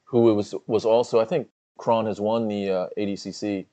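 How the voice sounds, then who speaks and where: Male co-host with a lower voice, casual and easygoing, laughs often, reads viewer chat. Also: steady tone, normal speed, mellow, highs cut off. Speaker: co-host of a fight watch-along. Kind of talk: casual livestream commentary.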